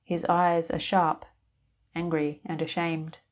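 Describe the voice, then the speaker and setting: A woman narrating a fantasy tale in a steady, measured reading. Her voice sits slightly low and stays calm from line to line. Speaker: storyteller. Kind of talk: scripted fiction narration.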